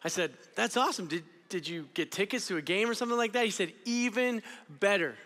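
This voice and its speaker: A young man giving an energetic, storytelling youth sermon. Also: sits high, a little fast, big-room sound. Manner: energetic, storytelling, drops to quiet intensity. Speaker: student ministry speaker. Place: church auditorium.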